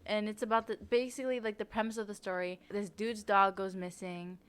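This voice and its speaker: A young woman co-hosting a podcast, telling a childhood story in casual chat, laughing and swearing as she gets animated. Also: medium pitch, a little fast, smooth. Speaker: podcast co-host.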